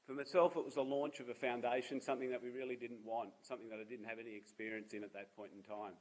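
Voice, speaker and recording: A man's voice: mid-range voice, fairly even intonation, fast, a little mellow, rough recording. A man in his fifties with an Australian accent, giving a seminar talk as a charity founder, telling personal stories with self-deprecating humour. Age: 50s. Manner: humorous, self-deprecating storyteller. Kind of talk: public talk with personal anecdotes.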